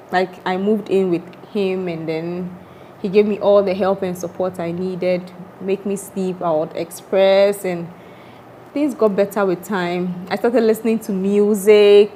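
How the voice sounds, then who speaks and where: A woman's voice: fairly low pitch, fairly even intonation, unhurried, mellow, slight background noise. A woman who is a doctor and mother, talking openly on a talk show about life after giving birth. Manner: open, reflective storytelling. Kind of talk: candid talk-show chat.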